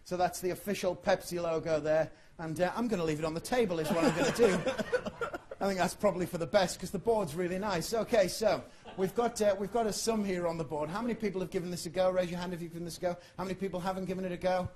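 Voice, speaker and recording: A man from England with an English accent, doing a stand-up comedy magic act and joking with the audience in a dry, deadpan way. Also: sits high, fast, a little hiss or hum.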